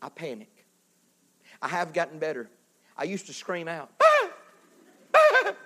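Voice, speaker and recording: A male pastor preaching a sermon, animated, swinging from loud to hushed and acting out little voices. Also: fairly high pitch, normal speed.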